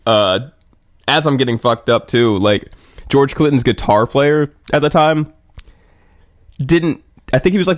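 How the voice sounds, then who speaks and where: Speaking at a medium pitch, this young man co-hosts a podcast and drifts through a profane, meandering story in relaxed conversation. The audio is clean studio quality without any room sound.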